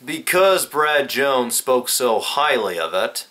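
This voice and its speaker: A young adult man reviews a movie in a casual vlog, rambling slowly, swearing a lot and frequently restarting sentences. His mid-range voice is pushed and bright with big pitch swings. The room is echoey and the mic sits at a distance.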